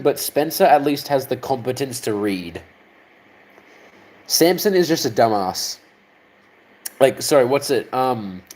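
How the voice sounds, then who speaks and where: A man's voice: mid-range voice, a little mellow, low-quality recording. An Australian man streaming casually, rambling, swearing often and chuckling as he chats with viewers. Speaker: livestreamer. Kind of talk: casual livestream chat.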